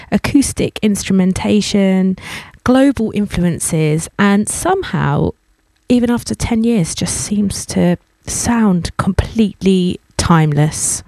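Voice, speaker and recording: A woman's voice: medium pitch, warm tone, no echo, rough recording. A woman hosting a radio music show, talking chattily and with enthusiasm about the tracks she plays.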